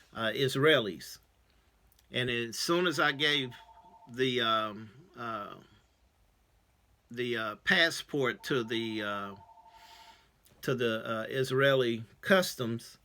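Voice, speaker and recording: Casting note: male church elder, bright clear tone, loose storytelling with lots of uh's. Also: medium pitch. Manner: casual, many fillers, acts out quoted dialogue. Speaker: religious elder. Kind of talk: personal testimony storytelling.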